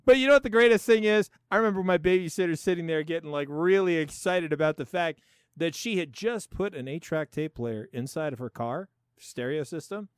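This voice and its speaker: A man's voice: a little high, brisk, clear, resonant tone, no room sound, studio quality. A middle-aged man hosting a podcast, riffing through sarcastic comedic commentary with frequent laughs. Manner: animated, sarcastic, laughs often. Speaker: podcast host.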